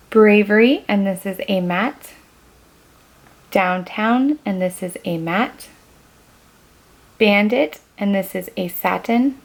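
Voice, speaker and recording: Woman, young adult, beauty vlogger, gushing, gravelly fry, casual show-and-tell. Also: mid-range voice. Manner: gushing, enthusiastic, listing shade names.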